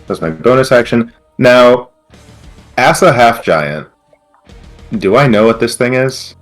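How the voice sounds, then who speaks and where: A man's voice: mid-range voice, expressive, a little slow, soft background music. A man playing a tabletop game, describing his character's moves in an easygoing way. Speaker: player.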